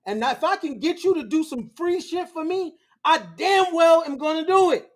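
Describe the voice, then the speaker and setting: High-voiced, blunt, slangy man. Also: lively intonation, moderate pace, few pauses. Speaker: host. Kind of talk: lecture-style commentary.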